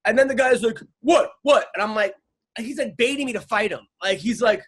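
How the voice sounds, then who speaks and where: A man's voice: high-pitched, fast, fairly bright tone, slightly rough. A middle-aged man hosting a podcast, telling a rambling story in casual chat, stammering, restarting and swearing freely. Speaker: podcast host.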